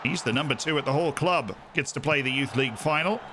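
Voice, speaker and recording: A man putting on an English accent to play an excitable football commentator calling a youth final. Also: medium pitch, quick pace, noisy background, close to an everyday voice. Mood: excited commentary. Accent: put-on English. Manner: loud play-by-play calling, shouts at chances.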